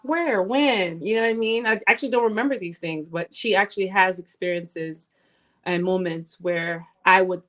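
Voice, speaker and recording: A woman's voice: fairly low pitch, steady tone, normal speed. A young adult woman from Nigeria, a podcast guest talking casually and reflectively. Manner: reflective, leans on "you know what I'm saying".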